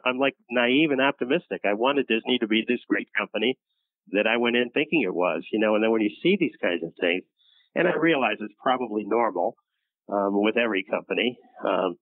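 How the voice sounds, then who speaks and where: An older man telling a long workplace story in an interview, halting and restarting often and acting out what others said. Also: mid-range voice, dry recording. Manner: halting, many restarts, acts out quoted voices. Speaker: interview guest, former studio executive. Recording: tinny phone-like dry sound.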